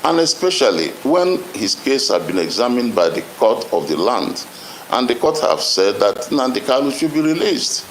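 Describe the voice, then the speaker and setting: A man, speaking as a guest in a measured, formal way and stumbling over some words. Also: mid-range voice, sing-song, slight background noise, poor audio. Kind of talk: formal statement.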